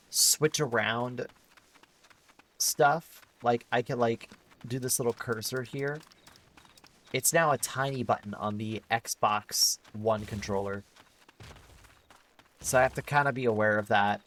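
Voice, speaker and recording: A man's voice: medium pitch, fairly bright tone. Rambling man streaming a game. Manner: rambling, filler-heavy, thinking aloud. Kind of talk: casual gameplay commentary.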